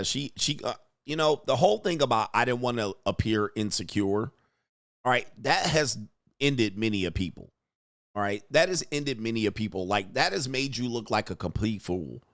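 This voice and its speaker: Guy doing blunt crude reaction commentary, dry close mic, mid pitch. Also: animated, normal speed, fairly bright tone, no room sound. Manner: blunt and crude, talks straight to the viewer.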